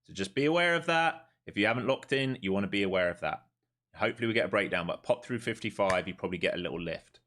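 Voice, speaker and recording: A man streaming live as a day trader, giving running commentary to viewers, dropping to mutters and then rising into excited bursts. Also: deep voice, rapid-fire.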